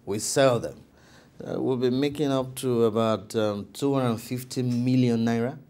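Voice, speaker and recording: A man playing a greedy, excitable businessman in a TV sitcom, giggling over his deals. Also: mid-range voice, measured pace, lightly acted. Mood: scheming. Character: greedy giddy male businessman dreaming of riches. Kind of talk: TV sitcom acting.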